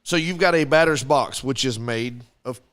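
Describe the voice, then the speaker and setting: A man's voice: medium pitch, normal speed, fairly bright tone. Guy on a podcast telling a baseball story, chatty, does the back-and-forth. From American South. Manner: storytelling, acts out quoted exchanges. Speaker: podcast co-host. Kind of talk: casual chat.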